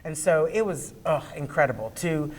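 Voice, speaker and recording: A woman with a deep, low-set voice tells her stories in a lively, conversational way. She is a comedian chatting as an interview guest, laughing now and then as she goes. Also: normal speed. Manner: animated storyteller, laughing through anecdotes. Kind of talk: casual interview chat.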